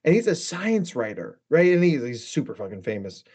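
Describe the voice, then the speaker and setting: A man's voice: fairly high pitch, sing-song, normal speed, darkish tone, slightly rough. A man who is a guest therapist on a podcast, telling long rambling stories in a casual chat, swearing freely and saying "like" and "right?" a lot.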